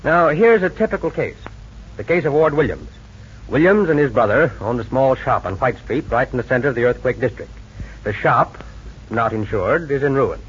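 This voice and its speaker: An actor playing a calm, methodical male insurance investigator in a 1940s radio drama, speaking in a measured, businesslike way. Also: mid-range voice, husky. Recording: dull lo-fi old radio recording with faint hiss.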